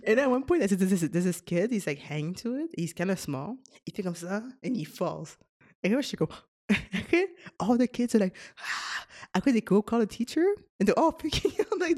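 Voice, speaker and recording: A woman's voice: mid-range voice, a little mellow. A young woman, co-hosting a casual podcast chat, giggling often and switching between English and French. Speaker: podcast co-host.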